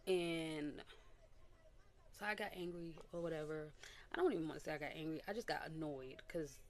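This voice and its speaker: Candid woman vlogger, low voice. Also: normal speed. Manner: candid and animated, with quoted voices and little laughs. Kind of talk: casual personal testimony.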